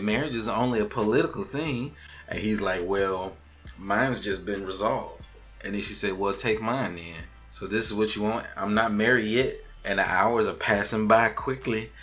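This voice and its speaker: A man hosting a podcast, recapping a TV episode in a loose, animated way and acting out the characters' lines. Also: medium pitch. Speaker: podcast host.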